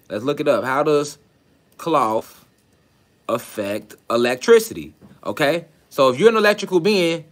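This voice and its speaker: A man's voice: mid-range voice, a bit bright. A man giving a preaching-style spiritual lecture, hammering his points with repeated phrases and rhetorical questions. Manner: repeats key phrases for emphasis.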